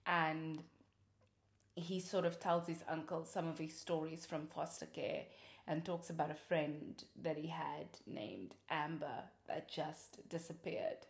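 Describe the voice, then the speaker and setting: A woman's voice: low voice, steady tone, a little slow, gravelly. Woman, young adult, chatty vlog host, gushing tone, frequent laughs, roomy echo. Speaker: host and actress. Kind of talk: casual film-recommendation chat.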